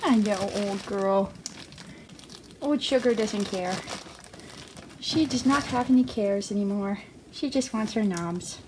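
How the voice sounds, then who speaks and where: A woman's voice: medium pitch, takes it slowly, pauses often, background noise. A young woman vlogging with her pet rats, coaxing them in a sing-song, affectionate voice. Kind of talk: cooing baby talk to pets. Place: at home by a pet cage.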